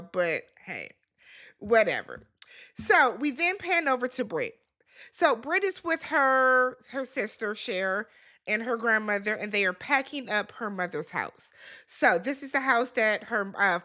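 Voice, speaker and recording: A woman giving a casual, sassy recap of a reality show, acting out what the cast said. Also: a little high. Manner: animated, sassy, acts out the cast's lines.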